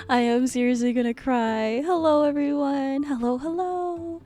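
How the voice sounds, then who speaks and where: Woman VTuber, high and slow-spoken, giggly, gushing, hesitant; faint music behind. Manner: giggly and gushing, often laughing; soft, hesitant with many ums. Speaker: VTuber streamer. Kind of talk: live-stream chat. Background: faint background music.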